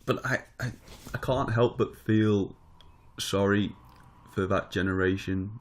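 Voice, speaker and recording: A man's voice: on the low side, fairly even intonation, unhurried. A man in casual podcast chat, easygoing and agreeable. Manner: easygoing, agreeable, laughs along. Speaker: podcast co-host.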